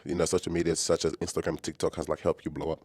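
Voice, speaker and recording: Deep-voiced laid-back podcast host, a man. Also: little pitch movement, very fast, darkish tone, slightly rough. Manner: laid-back, teasing, slangy. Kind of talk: casual podcast chat.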